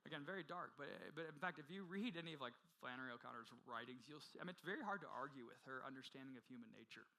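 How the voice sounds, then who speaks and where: A male pastor preaching a sermon with passion, swinging from loud urgency to hushed intensity and often restarting his phrases. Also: medium pitch, lively intonation, rapid-fire, few pauses, low-quality recording. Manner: frequent repeated restarts. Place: church.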